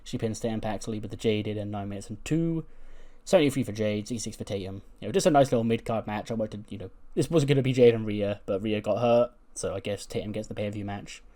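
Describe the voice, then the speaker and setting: A man's voice: on the low side, fast talker, dark tone. A man giving casual, rambling commentary on a wrestling management game, laughing often.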